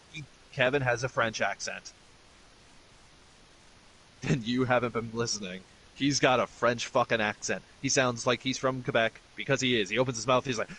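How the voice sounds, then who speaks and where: A man's voice: medium pitch, fairly quick, a bit bright, a little hiss or hum, low-quality recording. A middle-aged man streaming games, ranting bluntly and swearing freely in casual commentary. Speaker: gaming streamer. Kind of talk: casual commentary over gameplay.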